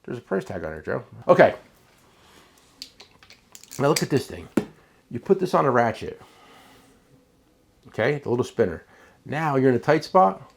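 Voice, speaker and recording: A man's voice: mid-range voice, big pitch swings, normal speed, vocal fry, long pauses, a little hiss or hum. A man with a New Jersey accent hosting a casual tool show, rambling and joking with his cohost. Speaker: tool shop owner and show host. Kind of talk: casual product chat.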